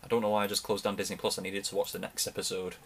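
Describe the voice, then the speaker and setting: A man's voice: on the low side, level tone, racing, slight background noise. A young man giving a casual, rambling reaction commentary, often restarting his sentences as an enthusiastic fan. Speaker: reaction video host.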